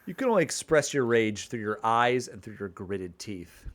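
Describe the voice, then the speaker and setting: A man's voice: on the low side, big pitch swings, normal speed. A man streaming his own text game, reading its narration aloud and chatting playfully, rambling with restarts.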